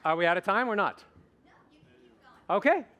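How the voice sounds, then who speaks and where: A man working as a voice coach, giving a playful, animated live demonstration on stage. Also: high voice, normal speed, lo-fi sound, a crowd in the background, noisy background.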